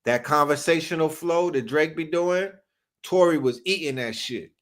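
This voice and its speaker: A man's voice: a little high, moderate pace. A man from New York hosting a casual livestream, talking hip hop in loose slang and reacting to comments from chat. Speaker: livestream host.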